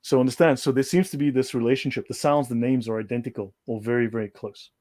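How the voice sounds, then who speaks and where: A man's voice: medium pitch, fairly even intonation, quick pace, a little mellow. Man lecturing emphatically on a livestream. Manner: lecturing, emphatic, repeats points. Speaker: guest speaker. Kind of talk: livestream discussion.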